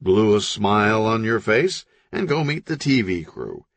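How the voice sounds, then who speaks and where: Man voicing a gruff crime boss, low voice, impatient, dry sound. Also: sing-song, unhurried, no echo, exaggerated voice. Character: blunt irritable male crime boss.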